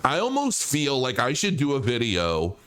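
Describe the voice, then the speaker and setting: A man's voice: mid-range voice, huge pitch swings, moderate pace, a bit bright, smooth. A man speaking as a crypto commentator in a loose, unscripted rant. He is blunt and swears freely. He stumbles over repeated words as he restarts his thoughts. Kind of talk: casual vlog rant.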